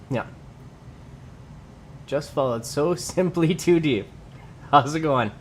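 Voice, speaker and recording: A man's voice: mid-range voice, a little hiss or hum. A young man chatting casually on a livestream from his home workout space, reading viewer comments aloud and answering them. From Canada. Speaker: livestreamer and lifter.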